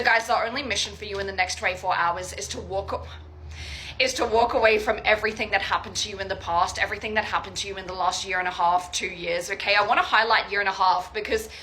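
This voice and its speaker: A woman's voice: medium pitch, fast talker, pushed and bright, a little hiss or hum, poor audio. A young adult woman giving a casual, chatty psychic reading to viewers, swearing freely and checking in with "okay, guys?". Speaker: tarot reader.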